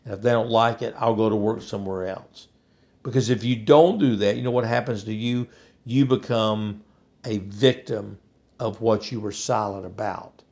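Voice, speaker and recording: A man's voice: lowish voice, fairly even intonation, normal speed, darkish tone. A man delivering an emphatic, preachy opinion monologue, hammering points with repetition.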